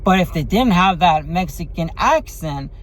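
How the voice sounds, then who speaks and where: A man with a fairly high voice talks through his take on a film in a loose, rambling way. He leans on fillers and keeps checking in with a tag question. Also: lively intonation, normal speed, rough recording. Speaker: movie reviewer. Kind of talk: casual spoken movie review.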